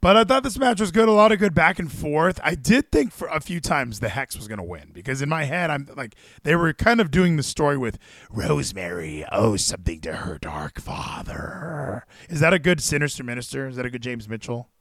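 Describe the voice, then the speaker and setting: An excitable man hosting a live wrestling stream, his pitch swinging widely as he chats and swears freely. The sound is close and dry, with no room around it. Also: quick pace, hardly any pauses, dry recording. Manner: excitable, swears casually, thinks aloud. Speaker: stream host.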